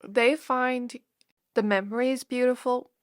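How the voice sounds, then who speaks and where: A woman reading tarot cards for viewers, talking in a soft, intimate and emotional way, close to tears. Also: fairly high pitch, steady tone, a little slow, dry recording. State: teary, close to crying. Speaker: tarot reader. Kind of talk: pick-a-card tarot reading.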